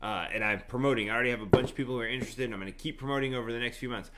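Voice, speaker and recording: A man's voice: mid-range voice, very fast, heavy background noise. A middle-aged man hosting a casual live stream, promoting an event in an upbeat, easygoing way. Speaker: host, rapper.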